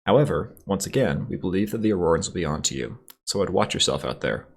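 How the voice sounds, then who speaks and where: A wary rebel contact, read by a man who talks low and confiding, briefing plainly in a deep, husky voice. Steady and businesslike, with little flourish. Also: fast, full character voice.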